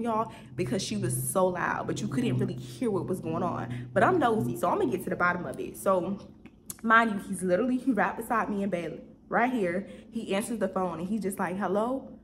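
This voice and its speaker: A woman's voice: medium pitch, a little hiss or hum. A young woman, apparently from Houston, telling a story in a casual storytime vlog, chatty and full of fillers, often turning to her viewers. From Houston, Texas. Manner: chatty, addresses viewers as "y'all", many "like" fillers.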